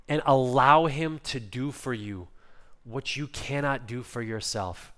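Smooth-voiced male pastor preaching. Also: mid-range voice, unhurried. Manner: conversational storytelling, swings between loud emphasis and soft quiet delivery. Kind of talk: sermon.

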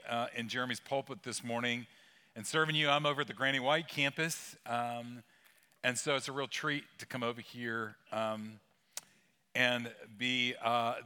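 A man's voice: medium pitch, sharp tone, smooth. A middle-aged male pastor giving a sermon in a church, talking in a casual, joking way and telling a story. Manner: conversational storytelling with humor. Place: church sanctuary.

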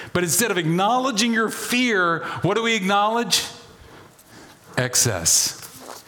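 Animated preacher, a man delivering a sermon. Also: high-pitched, unhurried, pauses often. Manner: animated, folksy preaching with asides and humor. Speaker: pastor.

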